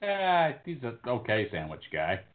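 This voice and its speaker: Profane excitable man, lo-fi phone sound. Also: medium pitch, unhurried. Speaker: podcast co-host. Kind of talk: casual banter. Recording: phone-like lo-fi audio.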